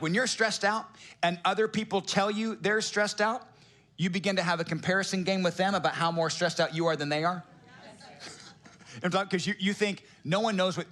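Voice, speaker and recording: A middle-aged male pastor preaching a sermon with a somewhat high-pitched voice. His delivery is casual and joking. He keeps turning to the congregation with rhetorical questions. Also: bright, forceful tone.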